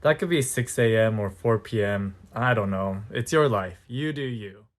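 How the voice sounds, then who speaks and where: A young man with a lowish voice speaks at normal speed, giving a comedic short-form language lesson as a teacher on short videos. He's jokey and playful and packs in puns, and it's recorded on a phone.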